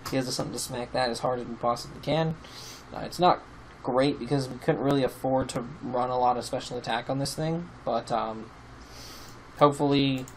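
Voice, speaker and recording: A man casually talking through a game team he has built, rambling with many pauses and fillers, and sounding sleepy. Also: mid-range voice, slight background noise, rough recording. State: sleepy, yawning. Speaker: YouTube team-building host. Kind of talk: casual commentary over gameplay.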